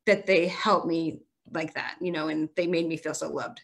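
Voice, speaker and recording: A woman's voice: low voice, fairly even intonation, moderate pace, vocal fry. A woman guest on a podcast, telling a long story in an earnest, emotional way, with run-on sentences that tumble one into the next. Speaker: guest, marathon runner.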